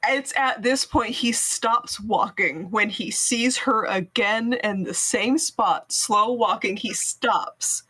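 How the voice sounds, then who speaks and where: A woman's voice: a little high, slow pace, hardly any pauses, pushed and bright, slightly rough, rough recording. A woman casually telling a spooky story to friends, laughing often and swearing freely.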